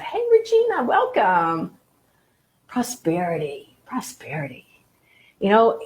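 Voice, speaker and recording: Woman coaching a live stream audience. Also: mid-range voice. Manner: gentle, encouraging, greets viewers by name. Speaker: law of attraction coach.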